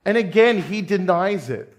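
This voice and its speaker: Brief: Australian man, pastor type, casual but earnest sermon delivery, voice sitting a touch high. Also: lively intonation, measured pace. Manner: conversational, addresses listeners as guys and friends. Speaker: preacher. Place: church.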